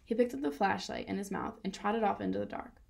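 A woman reading a children's novel aloud in a steady storytelling manner. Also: medium pitch, fast talker, vocal fry. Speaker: reader.

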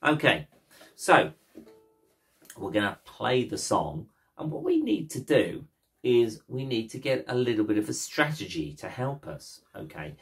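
A man's voice: medium pitch, big pitch swings, measured pace, gravelly, a bit bright. A man teaching ukulele in a cheeky, playful, jokey way, talking the class through chords and strumming. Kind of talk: casual instructional talk.

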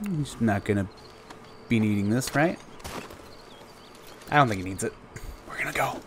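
Lively chatty male gamer. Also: on the low side, normal speed, background noise. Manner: chatty, curious, thinks aloud. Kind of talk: let's play commentary.

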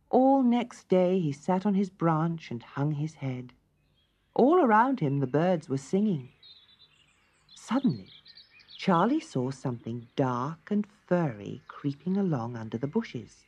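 A woman narrating a children's story in a slow, expressive storytelling manner. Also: low-pitched, husky. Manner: slow, lively, expressive reading. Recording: muffled lo-fi cassette tape with faint music.

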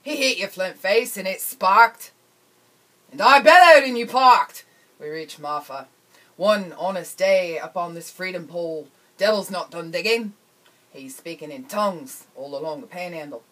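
A woman reciting a poem in a put-on Australian accent, with theatrical swings between loud and hushed. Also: fairly low pitch, a little slow. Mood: mock-dramatic.

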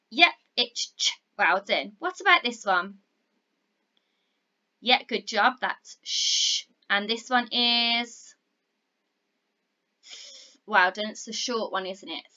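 Bright slow-spoken teacher woman. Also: mid-range voice, lively intonation, dull audio. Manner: encouraging, slow and clear, sounding out words. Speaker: primary school teacher. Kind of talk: recorded phonics lesson for young children.

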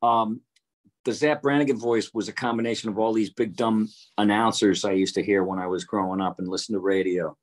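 An older man, a voice actor, answering interview questions over a video call in a relaxed, anecdotal way. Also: fairly low pitch, a little fast. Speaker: voice actor guest.

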